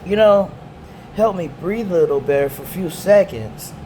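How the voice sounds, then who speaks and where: A man's voice: sits high, animated, normal speed, dark tone, slight background noise. A man with damaged vocal cords, ranting in a rambling, repetitive, slangy way. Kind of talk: casual rant to camera.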